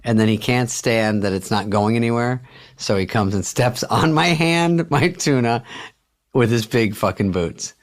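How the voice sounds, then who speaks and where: A man telling a story with dry, wry humor and casual swearing as a guest in a relaxed chat. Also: mid-range voice, unhurried.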